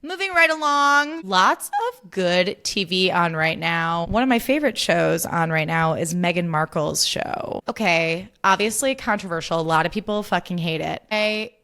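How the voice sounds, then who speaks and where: A woman's voice: lowish voice, moderate pace, few pauses, fairly bright tone. A woman hosting a solo podcast, ranting casually and getting worked up, swearing freely. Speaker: podcast host.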